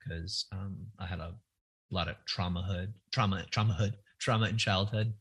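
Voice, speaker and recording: A middle-aged man tells candid personal stories in a reflective, earnest, conversational way, hesitating with many fillers and often restarting sentences. His deep voice has little pitch movement and a measured pace, sounding gravelly, pushed, bright and slightly rough.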